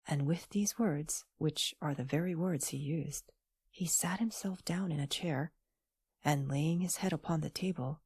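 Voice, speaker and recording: Woman, soft whispery audiobook narration, husky, creaky, gentle hushed manner. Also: low-pitched, no echo, studio quality.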